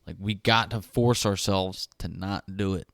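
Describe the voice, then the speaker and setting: A man's voice: low-pitched, fairly even intonation, unhurried, creaky, fairly bright tone, dry recording, studio quality. A man, co-hosting a casual podcast, laughing and swearing as he reads out parenting tips. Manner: crude, laughing, reads text aloud. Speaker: podcast co-host.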